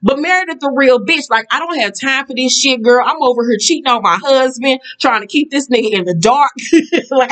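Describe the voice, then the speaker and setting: A woman's voice: a little high, fairly bright tone. A woman vlogger recapping a reality show episode in a sassy, blunt, casual way, swearing freely and laughing at her own jokes.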